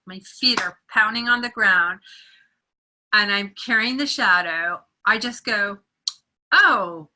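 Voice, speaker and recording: A woman sharing a personal story in a group meeting, animated and acting out the voices of the people she quotes. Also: medium pitch, poor audio. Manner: animated storyteller who acts out quoted voices and laughs often. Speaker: meeting participant.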